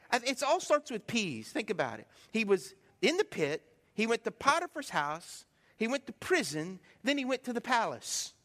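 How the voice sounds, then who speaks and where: High, bright-voiced preacher man in a hall. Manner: animated storytelling preacher, swings from loud to hushed. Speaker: pastor. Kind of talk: sermon. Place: church sanctuary. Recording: long hall reverb.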